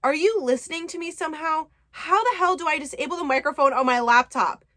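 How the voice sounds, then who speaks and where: A woman voicing a snarky, sharp-tongued young woman who swears and snaps sarcastically while she retells a book. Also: high voice, brisk, very noisy, voice pushed up, lightly acted. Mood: indignant. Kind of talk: book summary with acted quotes.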